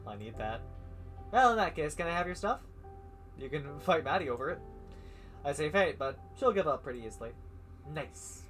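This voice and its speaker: A man with a fairly bright, higher-pitched voice streams a visual novel, reading the narration and every character's lines himself. Now and then he stumbles and tosses in asides of his own.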